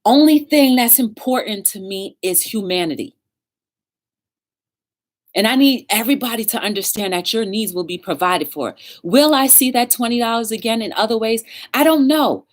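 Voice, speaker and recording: A woman's voice: on the high side, moderate pace. A woman hosting a talk show, telling a story in a casual livestream chat and talking straight to her viewers. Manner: chatty, animated, talks straight to viewers.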